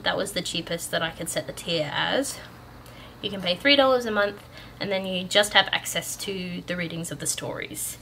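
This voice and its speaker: A young Australian woman, a storyteller and channel host, chats casually with her viewers before reading a story aloud. She's chatty and upbeat with fillers, her mid-range voice sharp in tone, over slight background noise.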